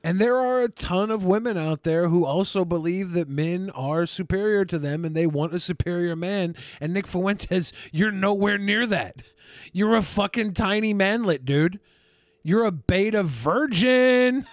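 Casting: high-pitched male podcast co-host, crude mocking banter, dry close sound. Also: measured pace, dry recording. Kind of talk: casual comedic commentary.

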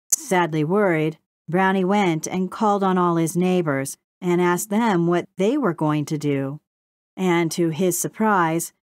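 A woman narrating a children's storybook in a slow, measured way. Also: fairly low pitch, no room sound, clean studio sound. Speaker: audiobook narrator.

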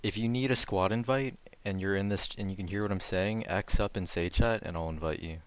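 A man leading a squad in online game voice chat, giving relaxed instructions with frequent fillers over a headset mic. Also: on the low side, fairly quick, clean tone. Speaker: squad commander organizing a game event.

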